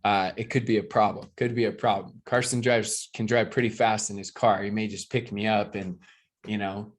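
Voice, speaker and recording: A man from the United States giving an energetic, joking motivational sales training to a live video call audience, often asking his listeners questions. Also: medium pitch. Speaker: network marketing trainer.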